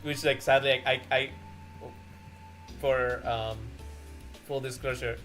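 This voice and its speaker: A man's voice: medium pitch, little pitch movement, takes it slowly, a bit bright, soft background music. A man hosting a casual art stream, chatting with friends, laughing often and rambling with restarts. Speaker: streamer host.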